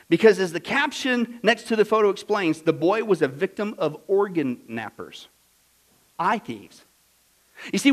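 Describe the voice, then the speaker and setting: A man preaching a sermon, fiery and emphatic, swinging from loud declarations to hushed storytelling. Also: high-pitched, rough recording.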